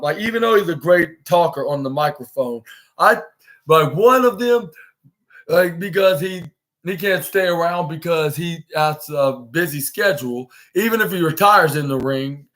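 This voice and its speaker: A man's voice: a little high, fairly bright tone. A male podcast host giving a casual, rambling wrestling recap that often stops to correct itself.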